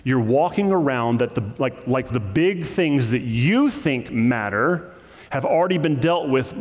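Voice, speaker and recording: A male pastor preaching a sermon, animated, acting out the quoted voices with sudden leaps in pitch. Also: measured pace. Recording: long hall reverb.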